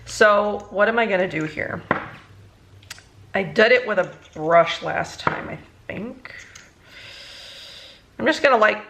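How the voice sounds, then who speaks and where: A young woman, a beauty vlogger, chatting casually through a makeup tutorial, rambling and halting, emotionally worn out. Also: mid-range voice, animated, vocal fry, fairly bright tone. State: emotionally exhausted.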